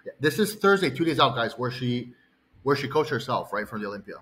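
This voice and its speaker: A man's voice: medium pitch, sing-song, a little fast, fairly bright tone, rough recording. A male bodybuilding coach telling an angry personal story, heated, profane and rambling.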